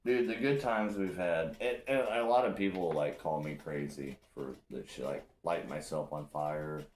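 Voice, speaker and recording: A man's voice: very deep voice, moderate pace. A man hosting a casual chat, telling loose, profane stories with lots of energy. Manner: loose, profane, animated storytelling. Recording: echoey room with faint noise.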